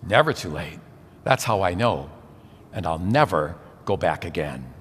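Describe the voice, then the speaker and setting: A man's voice: low voice, sing-song, a little slow, fairly bright tone, slight background noise. A man in his sixties preaching a sermon full of rhetorical questions. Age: 60s. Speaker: priest. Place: large church. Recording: church with long reverb.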